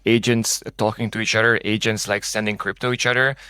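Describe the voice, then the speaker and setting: A man's voice: lowish voice, level tone, a little fast, sharp tone, smooth, no echo. A man hosting an interview in a casual way, full of "like" and "you know" fillers, over a video call. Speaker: podcast host. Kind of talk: conversational interview.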